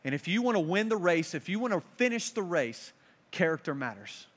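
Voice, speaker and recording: A young man preaching a sermon, an animated storyteller who swings between loud and hushed delivery. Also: high-pitched, fairly quick. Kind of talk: sermon with personal stories.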